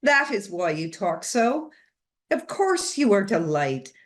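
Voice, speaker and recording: A woman's voice: medium pitch, very animated, slow. A woman reading aloud and voicing an unhinged, grieving older woman who speaks passionately and entreatingly. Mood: sorrowful. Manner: passionate, entreating, a little wild. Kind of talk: storybook reading.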